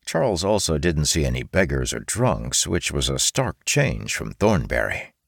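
Male audiobook narrator, very deep voice, gravelly, lively pitch, dry close mic. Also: normal speed, dry recording.

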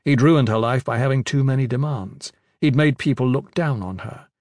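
A man narrating an audiobook in a measured, even storytelling manner, his voice at a middle pitch for a man. The recording is dry and close, with no room echo. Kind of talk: scripted narration.

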